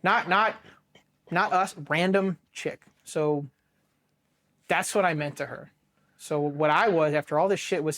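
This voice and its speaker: A man in his thirties with an American accent tells his own story to an interviewer. His voice sits a little high for a man. He talks bluntly, swears freely, restarts his sentences often and acts out what others said to him. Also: a little slow, fairly bright tone. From Ohio, United States. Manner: blunt, profane, with many restarts and quoted dialogue. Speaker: Marine veteran guest.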